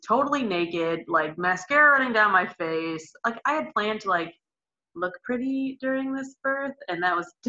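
Bright-voiced woman telling a lively story. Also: on the low side. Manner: animated, acts out her own past shouts and screams; casual, swears and says "like" often. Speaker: podcast guest telling her birth story. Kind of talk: casual storytelling. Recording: slightly dull lo-fi podcast audio.

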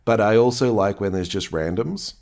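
A man hosting a podcast in casual chat, with wry, deadpan joking. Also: lowish voice, normal speed. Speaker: podcast host.

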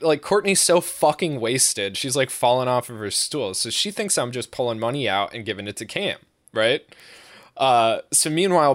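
A young man spins a long, rambling story, swearing freely and tagging lines with "right?". His pitch swings up and down with lively energy. The sound is dry and close, with no room around it. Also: no room sound. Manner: rambling and profane, with many fillers and "right?" tags, often breaking into laughter. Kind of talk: casual anecdote on a podcast.

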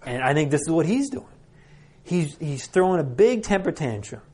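A man's voice: a little high, sing-song, normal speed, darkish tone, breathy edge. A man in his thirties preaching a sermon, telling the story with rhetorical questions. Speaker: pastor.

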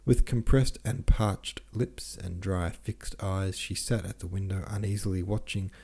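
Male narrator, audiobook reading, measured and steady, low pitch, dark husky timbre. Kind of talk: reading a classic novel aloud.

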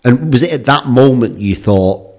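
Man asking relaxed questions. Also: medium pitch, moderate pace. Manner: relaxed, short prompting questions. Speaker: podcast host. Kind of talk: casual interview.

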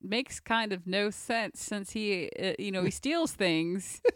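Woman, podcast co-host, casual chat, clear smooth voice, dry sound. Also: mid-range voice, slow pace, dry recording. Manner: relaxed, shares trivia and family stories.

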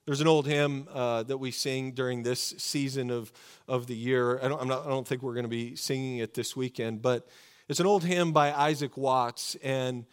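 A man preaching a sermon to his congregation, earnest and fervent, slowing down to stress key words. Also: medium pitch, fairly even intonation, clear, resonant tone. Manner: earnest, fervent preaching with slow emphatic pauses. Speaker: pastor.

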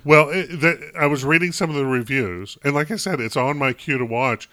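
A man from Chicago co-hosting a casual movie review chat, rambling and halting with many fillers. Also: on the high side, sharp tone, dry recording. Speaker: podcast co-host.

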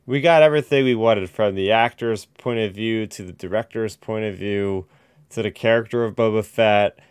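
A man's voice: lowish voice, normal speed, clear, resonant tone, dry recording, studio quality. A man co-hosting a podcast, chatting casually and enthusiastically. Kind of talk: casual chat.

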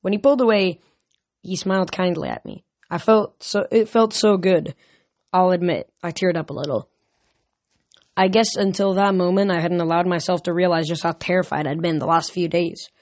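A man's voice: high voice, fairly even intonation, normal speed, no echo. A man reading a novel aloud casually, with small slips and restarts. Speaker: audiobook reader. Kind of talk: amateur audiobook reading.

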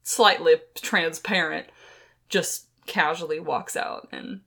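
A woman's voice: sits low, fairly even intonation, takes it slowly, gravelly, pushed and bright. Chatty woman telling ghost stories. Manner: chatty, rambling with many fillers. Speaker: podcast co-host. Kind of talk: casual storytelling chat. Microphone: close podcast microphone.

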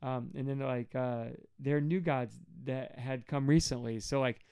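A man's voice: fairly even intonation, normal speed, clear, resonant tone, no echo, lo-fi sound. A man co-hosting a podcast, chatting casually about scripture with many fillers and rambling asides. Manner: rambling, many fillers, acts out quotes in a high whiny voice. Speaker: podcast co-host. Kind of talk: casual Bible study chat.

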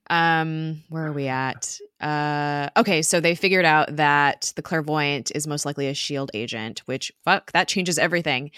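A woman's voice: sits low, a bit bright, smooth, dry recording, studio quality. A young woman co-hosting a podcast, recapping a TV episode in casual chat, swearing now and then and acting out the characters' lines.

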